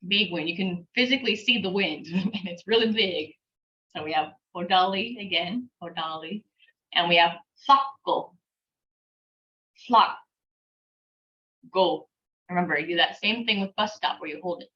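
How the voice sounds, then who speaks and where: A woman teaching an online language class, patiently breaking words into syllables and repeating them slowly, with a light laugh now and then. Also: on the low side, sharp tone. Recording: dull lo-fi class recording.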